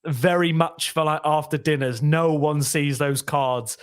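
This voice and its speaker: A male comedian chats as a podcast guest in a voice pitched a little above the usual. He keeps it conversational and drops into quick voices of the people in his anecdotes. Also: fairly even intonation, smooth. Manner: mimics people while telling anecdotes. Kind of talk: casual chat.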